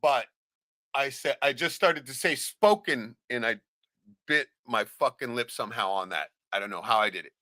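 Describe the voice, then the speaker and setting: A man's voice: medium pitch, normal speed, no room sound. A man hosting a podcast who tells a story in casual, profane chat, keeps asking "right?" and acts out the voices of the people in it. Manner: acts out quoted voices, shouting them. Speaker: podcast host.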